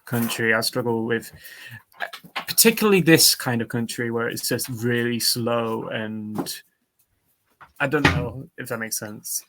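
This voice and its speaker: A man's voice: medium pitch, unhurried. Hesitant man over faint noise. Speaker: podcast co-host. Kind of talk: casual chat.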